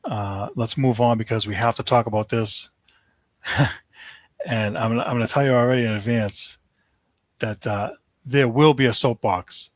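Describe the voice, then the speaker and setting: A man's voice: medium pitch, fairly even intonation, a little slow, pauses often. A man in a mid-range voice hosts a casual sports talk podcast. He rants with strong opinions and fills his speech with ums and you-knows. The sound is dry and close, with no room echo. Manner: opinionated, ranting, many fillers.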